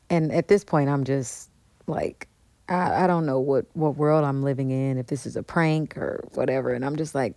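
A woman with a strikingly low, warm voice tells a personal story as a radio interview guest. She talks in an animated way, slipping into the voices of the people she quotes. The studio sound is close and dry. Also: moderate pace, creaky, no room sound.

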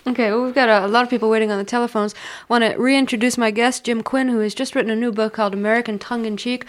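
A woman hosting a radio interview, brisk and steering the questions. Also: fairly high pitch, steady tone. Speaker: radio host.

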